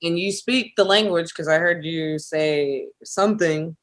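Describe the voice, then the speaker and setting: A woman's voice: fairly low pitch, unhurried. A woman hosting a podcast, asking easygoing follow-up questions to her guest. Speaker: podcast host. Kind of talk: casual podcast interview.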